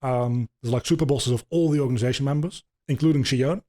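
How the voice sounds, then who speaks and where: Rambling, swearing man explaining game lore casually, mellow and mid-pitched. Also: fast. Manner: rambling, swearing, many ums. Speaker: podcast host.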